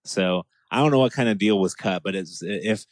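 A man's voice: on the low side, normal speed, dry recording. A man co-hosting a casual podcast chat, talking animatedly and acting out what people said. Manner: animated, acts out quoted lines. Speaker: podcast co-host.

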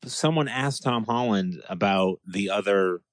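A man's voice: on the low side, a little slow, no room sound. A man co-hosting a casual podcast chat, talking animatedly and acting out what people said. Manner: animated, acts out quoted lines. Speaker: podcast co-host.

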